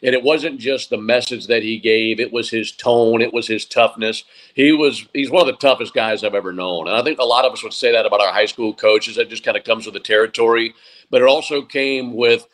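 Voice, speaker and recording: A man in his forties, talking as a guest in an interview about his early days. He speaks reflectively at an ordinary middle pitch and often stops to restart a sentence. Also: fairly even intonation, fairly quick, a bit bright, poor audio. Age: 40s. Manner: reflective, with frequent restarts and fillers. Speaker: sports play-by-play broadcaster, guest. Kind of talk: interview conversation.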